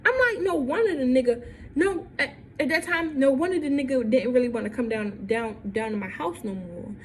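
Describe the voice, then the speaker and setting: A woman's voice: high voice, a little fast, a little hiss or hum. A young woman telling a story in a vlog, repeating lines and acting out what people said. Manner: animated, repeats lines, acts out quotes. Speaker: vlogger.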